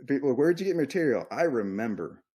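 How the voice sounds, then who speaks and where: Brief: man, 30s, comic on a podcast, rambling self-deprecating storyteller, mid-pitched voice. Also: big pitch swings, mellow, slightly rough. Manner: rambling, self-mocking, quick asides. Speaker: podcast co-host, comedian. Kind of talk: casual storytelling chat.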